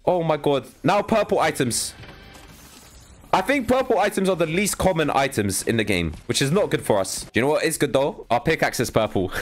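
Animated young man commentating gameplay. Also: medium pitch. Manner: excitable, talks to viewers, frequent exasperated outbursts. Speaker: gaming YouTuber.

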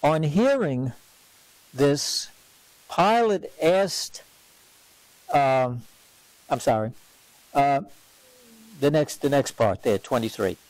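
Man teaching a lively parish Bible class. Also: medium pitch, slow, pauses often, no echo, low-quality recording. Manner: questions the class, repeats lines for emphasis. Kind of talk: lively classroom lecture on scripture.

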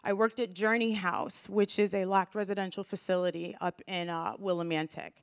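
A woman's voice: medium pitch, steady tone, moderate pace, clear, resonant tone, dry recording, clean studio sound. Grateful woman giving a heartfelt speech. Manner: emotional, grateful, with many restarts. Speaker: community speaker. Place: community event hall.

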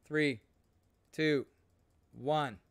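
A man's voice: a little high, extremely slow, no room sound. Chatty man hosting a game stream. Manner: chatty, reads viewer comments aloud, laughs often. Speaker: gaming livestream host. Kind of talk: casual live-stream chat.

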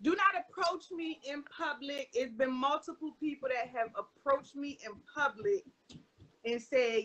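A woman's voice: high-pitched, a little slow, bright, forceful tone. A woman, chatting bluntly and profanely as co-host of a live podcast. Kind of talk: casual chat on a live stream.

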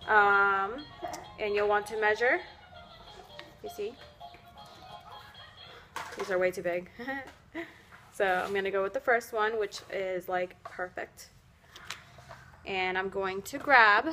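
A woman's voice: on the high side, pushed and bright. A woman giving a casual at-home how-to tutorial, chatty and rambling, full of fillers, self-corrections and little self-amused laughs. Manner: laughs often at herself. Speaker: nail wrap seller demonstrating at home.

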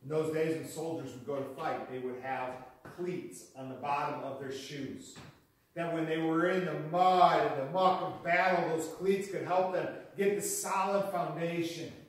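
A pastor preaching a sermon in an earnest teaching manner, repeating key phrases for emphasis. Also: male voice, on the high side, fairly even intonation, moderate pace. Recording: very echoey hall, mic far off.

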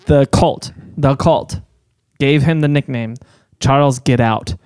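A man's voice: mid-range voice, takes it slowly, noisy background. A man co-hosting a casual podcast, telling a story with lots of "uh"s and laughs.

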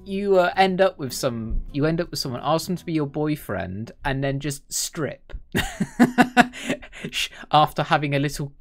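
A man casually commenting while playing a dating game, chatty and quick to laugh and exclaim. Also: a little high, expressive, faint music behind. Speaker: game streamer. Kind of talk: casual let's-play commentary.

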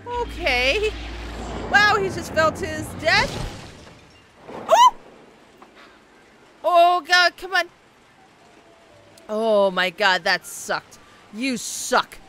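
Hoarse woman reacting as she plays. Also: very high voice, expressive, extremely slow, long pauses, background noise. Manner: reactive, exclaiming, talks to the game. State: hoarse, losing voice. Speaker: let's play gamer. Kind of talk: gameplay commentary.

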